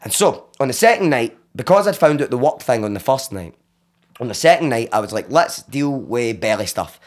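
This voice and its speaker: A man with a Glaswegian accent, a podcast guest, telling a story with animated comic energy, swearing freely, laughing often and acting out the voices of the people in it. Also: mid-range voice, brisk.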